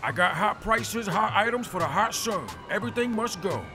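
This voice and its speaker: A man's voice: high-pitched, animated, normal speed. A man voicing a slick, sleazy pool-supply salesman in a comic mock commercial. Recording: voice over loud music.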